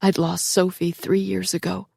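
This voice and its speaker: A woman reading a first-person thriller audiobook in an emotional, hushed storytelling voice. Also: lowish voice, level tone, normal speed, vocal fry, slightly rough, no echo, studio quality. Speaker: audiobook narrator.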